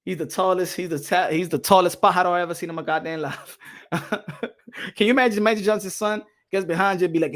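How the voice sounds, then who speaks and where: A man's voice: high voice, steady tone, a little fast, a bit bright. A man hosting a boxing channel, talking in a casual, rambling way, laughing often and dropping slang and Spanish phrases.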